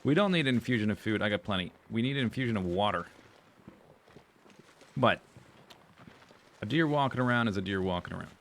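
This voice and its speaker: A man's voice: fairly low pitch, expressive, a little fast, long pauses, fairly bright tone, a little hiss or hum. A man streaming a survival game, muttering sarcastic running commentary to himself. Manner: dry, sarcastic self-talk. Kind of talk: casual gameplay commentary.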